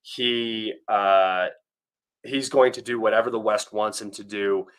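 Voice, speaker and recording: A young American man talks through a casual livestream in a fairly low voice. He rambles, stops and restarts his sentences, and fills the gaps with ums and uhs. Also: fairly even intonation, a little slow, fairly bright tone, smooth. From United States. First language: English. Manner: rambling, many fillers and restarts. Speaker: livestream host.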